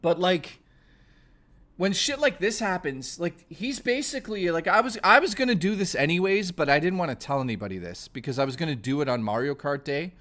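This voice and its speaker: A man with a fairly high, lively voice chats on a live stream, stammering, swearing and rambling. He sounds close to tears, his words tumbling out with emotion. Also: a little fast. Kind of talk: casual live-stream chat.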